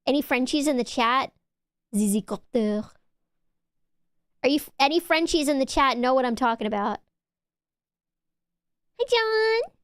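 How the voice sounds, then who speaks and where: A young woman streamer rambles and teases her chat, often giggling. Her voice sits a little high. The sound is close and dry. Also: quick pace, few pauses, a bit bright, smooth, no echo. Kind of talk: casual chat with viewers.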